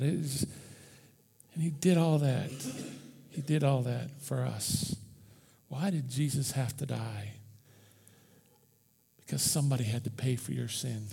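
In a church, a pastor preaches an Easter sermon in a conversational, impassioned manner, swinging between loud bursts and hushed near-whispers. His male voice is a little high and gravelly, trailed by a long reverb.

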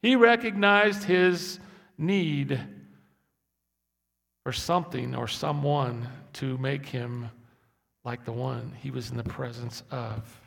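A man in his sixties preaching a sermon, swinging from low, quiet asides to loud, impassioned peaks. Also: takes it slowly, gravelly, long pauses. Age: 60s. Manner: impassioned, building to loud emphatic peaks then dropping low. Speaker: pastor. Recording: echoey hall.

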